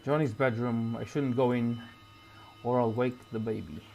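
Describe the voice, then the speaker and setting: A man reading the lines of a drunk, scheming failed writer from the 1940s, muttering low, with a faint hiss behind. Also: fairly even intonation, moderate pace, creaky, dark tone, lo-fi sound, close to an everyday voice. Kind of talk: reading game dialogue aloud.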